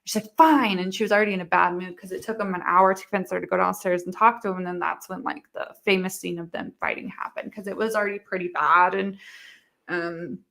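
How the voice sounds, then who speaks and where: A woman's voice: on the low side, fairly even intonation, quick pace, creaky, bright, forceful tone. A young woman as an interview guest, telling a long candid story in a rambling way, full of "like" and acted-out quotes.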